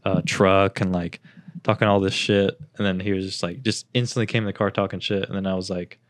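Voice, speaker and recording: A young man on a podcast rambles through stories in a fairly low voice, swearing freely and putting on quick impressions of others. The sound is dry and close, with no room around it. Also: fairly even intonation, no echo. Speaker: podcast co-host. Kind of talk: casual chat.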